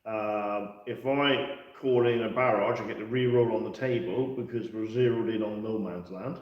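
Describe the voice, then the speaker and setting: A man's voice: fairly low pitch, fairly even intonation, moderate pace, dull audio. A chatty man talks through wargame rules in a loose, rambling way, cracking jokes as he goes. He sits back from the mic, and his voice rings around a very echoey room. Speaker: co-host of a wargaming chat. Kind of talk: casual chat. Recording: roomy echo, mic at a distance.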